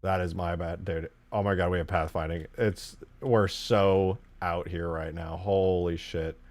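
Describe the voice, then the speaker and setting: A man streaming himself modding a game, excitable and swearing a lot, swinging from low mumbles to sudden yells. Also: measured pace. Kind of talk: live-stream commentary.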